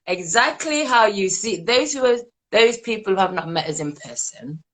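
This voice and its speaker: A woman co-hosting a podcast in casual chat, animated and teasing, swearing casually. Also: medium pitch, normal speed. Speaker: podcast co-host. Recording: clear background noise.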